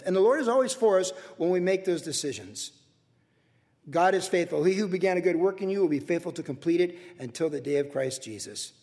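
An older man preaching a sermon from the pulpit in an earnest, emotional way, swinging from soft to loud. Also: high voice, creaky, big-room sound. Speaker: pastor. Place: church sanctuary.

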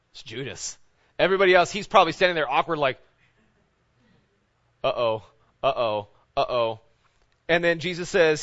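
A man preaching a sermon as a pastor. He keeps asking rhetorical questions with a repeated "right?" and swings between loud emphasis and quiet, low intensity. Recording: dull lo-fi sound.

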